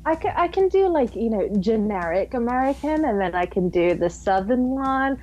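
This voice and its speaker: A woman's voice: fairly high pitch, big pitch swings, moderate pace, darkish tone, rough recording. A woman with an English accent, chatting casually as a podcast guest, joking and laughing often. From England. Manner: chatty, giggly, self-deprecating.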